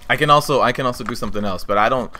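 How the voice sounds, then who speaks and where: A man's voice: mid-range voice, very fast, bright, forceful tone, a little hiss or hum. Chatty young male game streamer. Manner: chatty, reacts aloud to gameplay. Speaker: gaming streamer. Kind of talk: casual live-stream commentary.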